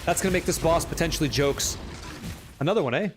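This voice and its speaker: High-voiced excitable male game streamer. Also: quick pace, music in the background. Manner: excitable, chatty, swears casually. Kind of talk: live gameplay commentary.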